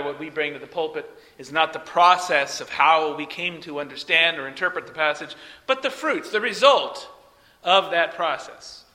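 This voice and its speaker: A male preacher delivering an expository sermon, emphatic, swinging from loud peaks to soft trailing phrase ends, mocking when quoting a rival teacher. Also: on the high side. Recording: long hall reverb.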